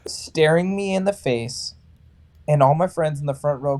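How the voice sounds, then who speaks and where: Male, thirties, singer from California, warm mellow tone, talks in lively anecdotes and acts out the other voices. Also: fairly high pitch, normal speed. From Sacramento, California. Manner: animated, acts out other people's lines. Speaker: metalcore band vocalist and barber. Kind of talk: casual storytelling in a podcast interview.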